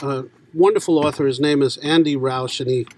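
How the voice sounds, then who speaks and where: A man's voice: medium pitch, fairly even intonation, fairly quick. A man from New York, a guest voice actor chatting casually on a podcast and cracking jokes. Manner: wisecracking, laughs often.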